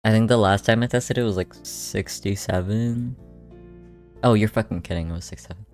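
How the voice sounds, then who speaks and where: A man's voice: fairly low pitch, fairly even intonation, moderate pace, a little mellow, faint music behind. Profane young male streamer, rambling. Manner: rambling, swears freely, talks back to chat. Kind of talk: casual chat while drawing on a live stream.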